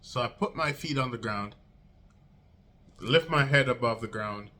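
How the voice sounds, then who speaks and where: A young man vlogging a casual storytime, slangy and swearing, acting out quotes with big jumps in pitch. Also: a little slow, pushed and bright.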